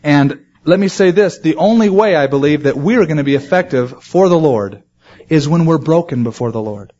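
A man preaching a sermon to his congregation, animated and acting out quoted voices. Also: fairly high pitch, moderate pace, dull audio. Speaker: pastor.

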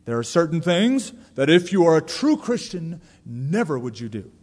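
Animated male preacher in a reverberant hall. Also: a little high, normal speed. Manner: animated, joking preaching with sudden emphasis. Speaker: pastor. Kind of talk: sermon. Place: large church sanctuary. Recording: long reverb of a large church hall.

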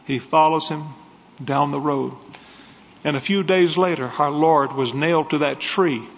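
A man's voice: on the high side, a little slow. A man preaching a sermon, telling a story with great passion. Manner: impassioned storytelling. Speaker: evangelist preacher. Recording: dull echoey sound in a large hall.

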